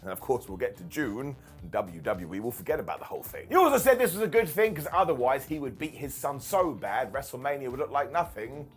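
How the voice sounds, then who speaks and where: A British man casually reviewing a wrestling show as its regular host, joking and putting on quick mock voices. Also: mid-range voice, faint music behind. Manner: animated, jokey, mock voices for quotes.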